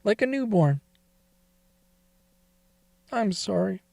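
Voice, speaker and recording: A man's voice: sits high, animated, slow pace, vocal fry, mellow, no echo. A man telling a first-person confessional story in a confiding, emotional way that wavers toward tears.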